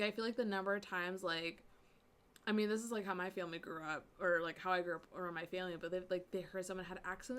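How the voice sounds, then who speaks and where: A woman with a pushed, bright mid-range voice chats casually with stream viewers, rambling and laughing a lot. Her accent is American Midwestern with a touch of Southern.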